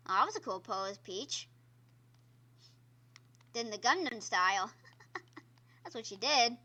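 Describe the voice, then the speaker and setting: A woman's voice: on the high side, lively intonation, takes it slowly, sharp tone. A woman streamer giving casual gameplay commentary, chatty and exclaiming at the game while talking to her viewers. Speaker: gaming streamer. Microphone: own microphone.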